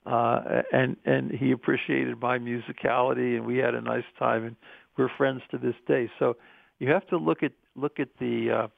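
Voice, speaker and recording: A man speaking as an interview guest, earnest and musing, with halting restarts as he reflects. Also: medium pitch, steady tone, gravelly, no echo. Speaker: interview guest, medical school researcher. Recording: tinny phone-line sound, dry.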